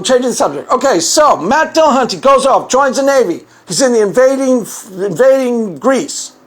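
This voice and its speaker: High-voiced man rambling through commentary. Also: fairly bright tone. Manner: rambling, repetitive, laughs at his own jokes. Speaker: commentary video host. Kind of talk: casual monologue commentary.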